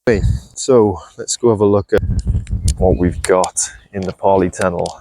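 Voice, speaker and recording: A man chatting casually while he shows his farm and garden, relaxed and self-deprecating, with a clip-on mic. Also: deep voice, normal speed, a little hiss or hum. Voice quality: gravelly. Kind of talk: casual walk-and-talk vlog. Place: outdoors on a farm and in a polytunnel. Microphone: clip-on mic on clothing.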